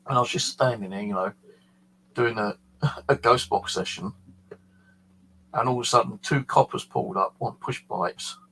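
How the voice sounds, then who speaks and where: A man's voice: mid-range voice, normal speed, pauses often, pushed and bright, slight background noise, low-quality recording. A man with a British accent telling a paranormal story in a casual, rambling way, full of fillers. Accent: British English. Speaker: paranormal channel host.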